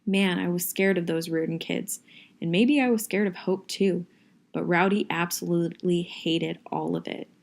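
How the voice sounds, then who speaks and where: A woman reading a novel aloud in a steady, first-person audiobook style. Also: fairly low pitch, moderate pace, gravelly. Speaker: reader.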